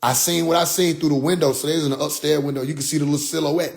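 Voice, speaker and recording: A man's voice: quick pace, vocal fry, few pauses. Young man telling a profane story. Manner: profane, animated, swings between loud outbursts and low asides. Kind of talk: casual personal storytelling.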